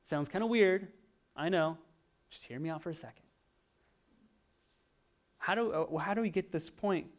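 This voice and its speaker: A man preaching a sermon, animated, swinging from loud emphasis to hushed, quiet asides. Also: high-pitched, moderate pace, long pauses. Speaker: pastor.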